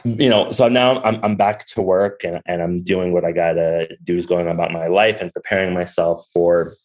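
A man's voice: sits low, fairly even intonation, normal speed, a little mellow, rough recording. A young man, a podcast guest and restaurant owner, telling a personal story candidly with lots of fillers. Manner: candid, rambling, many fillers. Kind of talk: conversational storytelling.

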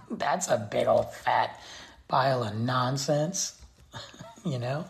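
A man's voice: medium pitch, slow, creaky, pauses often. A man giving a blunt, exasperated opinion rant straight to his viewers. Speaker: vlogger. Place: Texas.

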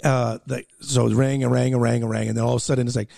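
A man on a podcast telling a story in casual chat, animated and laughing, swearing often and stammering through restarts. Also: mid-range voice, quick pace, vocal fry, no room sound, clean studio sound.

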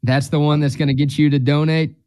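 Male co-host, dry teasing style, mellow tone, dead-dry studio sound. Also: on the high side, flat delivery, fairly quick, clean tone, no echo. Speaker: radio sports show co-host. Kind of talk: casual banter.

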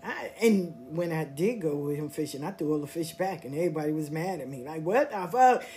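A woman hosting a podcast, telling personal stories in a casual, blunt, animated way and swearing freely. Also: deep voice, a little fast, slight background noise. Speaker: podcast host. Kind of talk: casual storytelling monologue.

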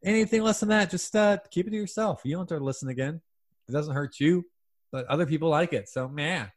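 A man's voice: a little high, a little fast. A man hosting a comedy podcast in casual, playful banter with friends. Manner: playful, breaks into put-on English accents.

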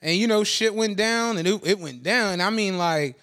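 A man's voice: sits high, normal speed, a bit bright. A man co-hosting a podcast, telling a long story in casual chat, laughing often and acting out the voices of people he quotes. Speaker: podcast co-host.

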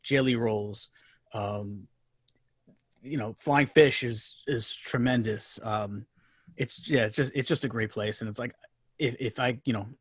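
A man's voice: mid-range voice, unhurried, slightly rough, no echo, studio quality. A man with a New York accent, a podcast guest chatting enthusiastically and rambling with many restarts. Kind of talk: casual chat.

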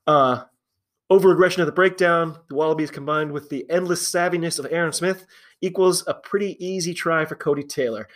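A man's voice: fairly high pitch, steady tone, a little fast, fairly bright tone. A man hosting a solo podcast, chatty and opinionated, with frequent fillers and restarts. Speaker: podcast host. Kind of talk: casual solo commentary.

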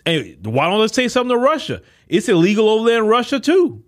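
Male podcast host, higher-pitched voice, preachy solo commentary. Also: huge pitch swings, fast. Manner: preachy, emphatic, rhetorical questions to listeners.

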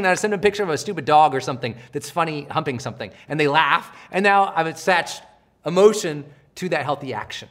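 Animated man giving motivational training. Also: on the high side, very fast. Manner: animated, acts out quotes in a raised voice. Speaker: high performance coach. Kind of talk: motivational live training talk.

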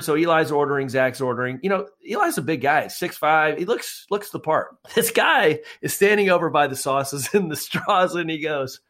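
A man's voice: on the high side, fairly bright tone. A man co-hosting an interview, telling a casual anecdote in a chatty storytelling way. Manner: chatty storyteller, laughs through his story. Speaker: interview co-host.

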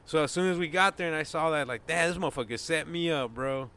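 A man's voice: fairly high pitch, fast, sharp tone, a little hiss or hum. A young man swearing and joking while telling a story in casual chat with friends. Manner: slangy, profane, joking.

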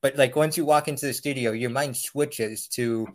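Casual male interviewer, mid pitch. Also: steady tone, normal speed. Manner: loose questions with many fillers.

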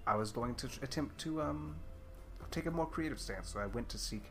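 A man playing a mellow reformed adventurer. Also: medium pitch, fairly quick, faint music behind, lightly acted. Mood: reflective. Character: adult male adventurer, mellow and reflective.

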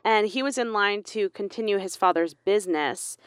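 A woman's voice: medium pitch, moderate pace, clean tone, dry recording, studio quality. A young woman co-hosting a podcast, laughing often as she reads a true crime story aloud in casual chat. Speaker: podcast co-host.

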